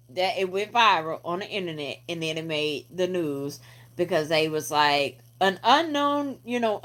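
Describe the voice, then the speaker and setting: A middle-aged woman vlogger telling a story in a casual, animated way, full of profanity and slang. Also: medium pitch. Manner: animated, profane, colloquial retelling with quoted voices.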